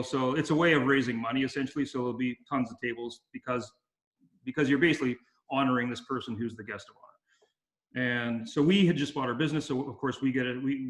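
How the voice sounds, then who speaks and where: A man's voice: medium pitch, fairly bright tone, echoey room. A man being interviewed, casually telling long anecdotes with many fillers and restarts. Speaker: interview guest. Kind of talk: casual storytelling.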